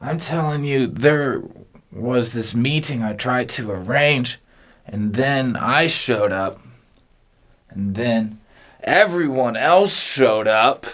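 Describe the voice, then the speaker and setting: A man delivering a rambling comic monologue, halting and meandering with long pauses between phrases. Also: medium pitch, lively intonation, fairly bright tone.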